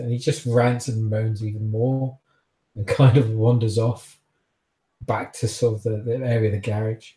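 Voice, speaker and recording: A man narrating a tabletop game as game master, in a rambling, halting way with frequent restarts. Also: on the low side, level tone, dark tone, echoey room.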